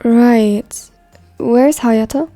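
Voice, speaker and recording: A woman voicing a tired young man who gives short, flat replies. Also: fairly high pitch, drawn-out words, dry recording, soft background music.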